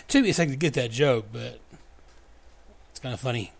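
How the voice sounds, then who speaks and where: A man hosting a comic book podcast, recapping the pages in a loose, casual way. He often reads the characters' lines aloud in different voices and breaks into chuckles. His voice sits at an ordinary mid pitch. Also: lively intonation, brisk, vocal fry, long pauses.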